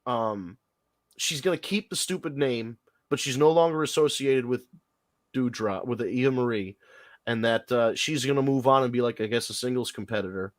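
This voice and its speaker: A man hosting a podcast in casual, animated chat, profane and quick with asides. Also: mid-range voice, no room sound. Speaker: podcast host.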